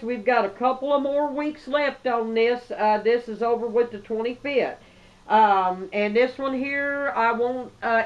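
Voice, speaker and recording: A woman's voice: on the high side, dull audio. A woman chatting to viewers as she opens a craft gift, gushing and effusive. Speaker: craft vlogger. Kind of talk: casual chat.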